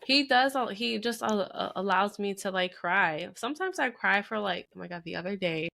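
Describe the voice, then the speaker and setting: A young woman co-hosting a casual podcast chat, telling lively stories and mimicking her husband with frequent laughs. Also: mid-range voice, moderate pace, gravelly. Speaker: podcast co-host.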